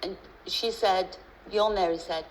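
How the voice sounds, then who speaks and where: A woman's voice: medium pitch, steady tone, unhurried, a little hiss or hum, rough recording. A middle-aged woman with a Liverpool accent, a chat-show guest who talks in a chatty, storytelling way with many restarts and asides.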